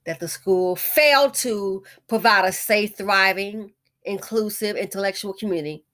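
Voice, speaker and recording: A woman's voice: mid-range voice, moderate pace, a bit bright. Indignant middle-aged woman commentator, emphatic and repetitive, fond of "honey". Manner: indignant, emphatic, repeats phrases; calls the listener honey. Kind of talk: casual video commentary.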